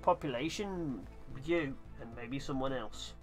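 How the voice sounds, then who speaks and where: A man's voice: medium pitch, unhurried, faint music behind. A man streaming a strategy game with friends, chatting casually and teasing them with sarcastic remarks. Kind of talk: casual gaming chat.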